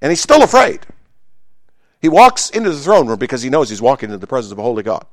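A man preaching a sermon, emphatic and conversational, swinging between loud exclamations and hushed asides, with humorous remarks to the congregation. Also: mid-range voice, huge pitch swings, fast, dry recording, clean studio sound. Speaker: pastor.

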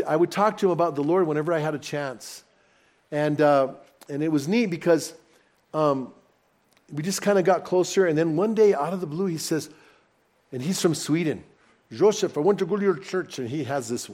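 A man preaching as a pastor, telling personal stories to his congregation with lively, rising excitement. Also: a little high. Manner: animated, personal anecdotes told warmly to a congregation. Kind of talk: sermon storytelling.

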